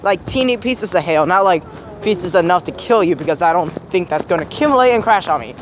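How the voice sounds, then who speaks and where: A young man with a high, light voice narrates a handheld vlog while walking a snowy city street. He rambles cheerfully and often stalls to search for words. Traffic and street noise run loudly behind him. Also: expressive, a little fast. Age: young adult. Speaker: vlogger filming his family walk. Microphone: handheld camera.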